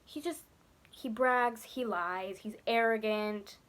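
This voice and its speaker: A woman's voice: on the high side, takes it slowly, a bit bright. A young woman ranting on a casual vlog, emphatic and exasperated, who repeats her points for effect. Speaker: vlogger. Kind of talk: casual vlog rant about a film.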